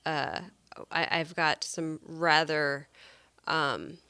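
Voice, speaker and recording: A woman from Missouri, co-hosting a casual podcast, joking playfully with puns and quick laughs. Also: low voice, steady tone, pushed and bright, clean tone, dry recording. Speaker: podcast co-host. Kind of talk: casual chat.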